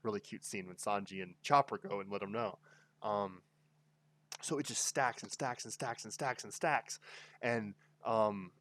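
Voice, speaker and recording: A man giving casual, excited commentary, rambling with lots of fillers and tag questions as he reviews a story. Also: lowish voice, measured pace, slight background noise. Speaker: anime reviewer. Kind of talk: casual tier-list commentary.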